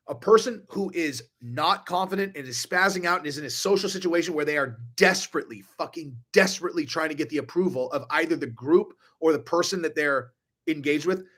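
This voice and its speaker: Profane, rambling man with a higher voice. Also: a bit bright, husky. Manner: profane, rambling, with frequent restarts. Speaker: online commentator. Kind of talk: live stream rant.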